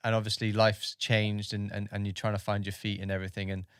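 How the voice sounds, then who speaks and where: A man's voice: lowish voice, level tone, quick pace, fairly bright tone, smooth, no echo, clean studio sound. A man hosting a podcast interview, speaking supportively with short affirmations and hesitant questions. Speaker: podcast host.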